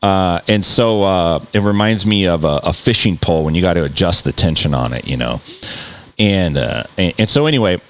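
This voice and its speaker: A middle-aged man, a podcast host, telling a story in a loose, animated way, full of swearing and mouth sound effects. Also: low voice, moderate pace. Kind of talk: casual storytelling.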